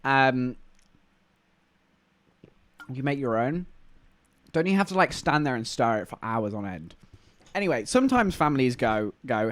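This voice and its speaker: English male streamer, lively rambling chat, dry close sound. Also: medium pitch, measured pace, long pauses, no room sound. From England. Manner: rambling, animated, chatting to viewers. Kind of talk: casual live-stream chat.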